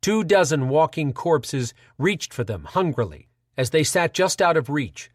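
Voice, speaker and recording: A male audiobook narrator reads with measured, dramatic weight. His voice sits slightly high for a man. The sound is dry and close, with no room around it. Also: sing-song, no room sound.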